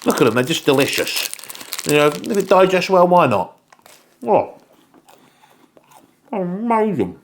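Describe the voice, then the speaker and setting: A man's voice: fairly high pitch, expressive, brisk, a little hiss or hum. A young man vlogging casually about his meals, chatty and rambling, with casual swearing. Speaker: fitness vlogger. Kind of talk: casual chat to camera.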